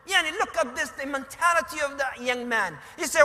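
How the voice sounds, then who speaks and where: A man preaching in English, telling a story with quiet passages and sudden shouted emphasis. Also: very high voice, lively intonation, quick pace, hardly any pauses. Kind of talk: sermon storytelling. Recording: hall reverb.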